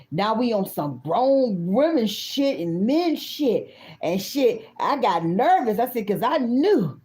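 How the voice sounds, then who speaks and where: A woman in her fifties, a tarot reader, telling a personal story in a blunt, profane, animated way and speaking straight to her viewers. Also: a little high.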